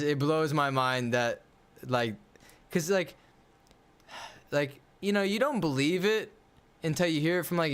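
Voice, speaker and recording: A man's voice: fairly high pitch, a bit bright, clean tone. A man livestreaming a game and chatting casually, ranting bluntly in slang. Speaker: gaming livestreamer. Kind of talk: casual livestream chat while playing.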